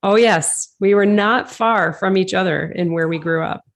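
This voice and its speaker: A woman's voice: medium pitch, normal speed. A middle-aged woman from Detroit, a leadership consultant, giving good-humoured answers as a podcast guest and thinking aloud. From Detroit, Michigan. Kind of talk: casual interview answers.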